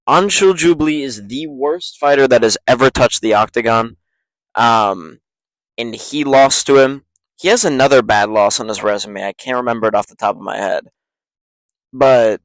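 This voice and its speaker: A man's voice: mid-range voice, fairly bright tone, no room sound, poor audio. A young man running his own MMA channel, ranting bluntly and swearing freely through casual fight predictions. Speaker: MMA YouTuber.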